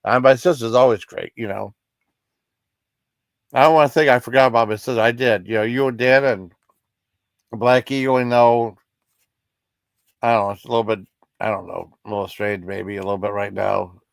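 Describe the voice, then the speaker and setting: A man's voice: mid-range voice, fairly even intonation, normal speed, vocal fry, long pauses, no echo, studio quality. A man hosting a livestream, chatting casually with viewers in a rambling, apologetic, reassuring way. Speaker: livestream host.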